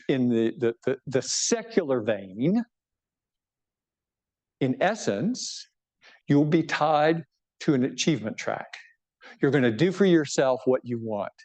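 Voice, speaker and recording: A man's voice: mid-range voice, big pitch swings, unhurried, pauses often, a little mellow. A man, a bishop, giving an informal book talk to a live audience, conversational and joking, often checking in with his listeners. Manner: self-deprecating humor.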